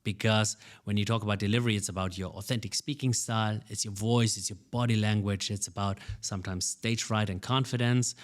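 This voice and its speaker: A man's voice: on the low side, fairly even intonation, fairly quick, hardly any pauses. A man who coaches public speaking, answering interview questions with energy and often repeating words as he starts a sentence.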